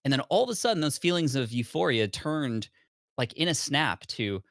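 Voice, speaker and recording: A man in his thirties, a podcast guest, telling his story in a lively way and acting out his past self. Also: medium pitch, normal speed, creaky, no echo, clean studio sound. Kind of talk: storytelling in conversation.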